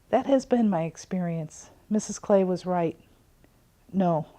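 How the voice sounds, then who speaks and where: Earnest woman with a warm, darker voice. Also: fairly low pitch. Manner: earnest storytelling, drops to a soft near-whisper on key points. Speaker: host of a recovery talk show. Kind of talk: personal spiritual talk to viewers.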